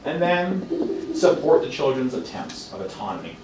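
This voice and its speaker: A man lecturing a college class in a lively, animated way, acting out parents and children in quick asides. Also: medium pitch, noisy background. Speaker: college instructor. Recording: roomy classroom heard from a distance.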